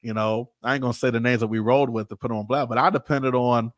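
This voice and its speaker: A man and pastor telling a personal story casually, animated and informal, acting out the people he quotes. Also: medium pitch, fast talker, no echo, clean studio sound.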